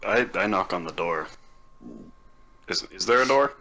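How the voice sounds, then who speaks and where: A man's voice: low voice, lively intonation, a little slow, sharp tone. A man playing a tabletop game over online voice chat, joking and laughing often. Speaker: player.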